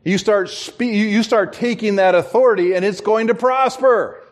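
High-voiced man preaching a sermon. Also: moderate pace. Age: middle-aged. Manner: storytelling, acts out quoted voices, chuckles at himself. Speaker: pastor.

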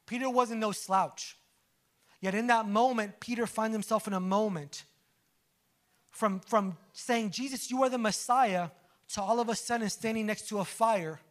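A man with a notably high voice preaches a sermon. He talks to the congregation like friends, tossing out jokes and quick questions between scripture points. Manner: conversational preaching with humorous asides and audience questions. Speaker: pastor.

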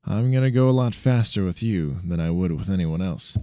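A man reading a story aloud, voicing a calm, modest young male hero who speaks evenly and matter-of-factly. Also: low voice, a little fast, no echo, clean studio sound.

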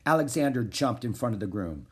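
A man narrating a children's chapter book aloud in an expressive storytelling manner. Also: medium pitch, a little fast, slightly rough. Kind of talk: children's audiobook reading.

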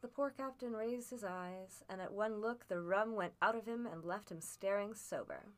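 Woman reader, mid-pitched, measured and expressive storybook narration. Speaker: audiobook reader.

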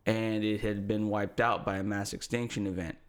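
A man's voice: lowish voice, steady tone, normal speed, smooth. A man co-hosting a podcast in casual chat, musing aloud with restarts and joking asides. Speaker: podcast co-host.

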